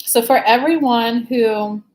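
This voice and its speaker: A woman's voice: on the high side, slow pace, darkish tone. A woman working as an intuitive life coach, chatting casually on a live stream and answering viewer questions, candid, swearing freely, with whooping exclamations.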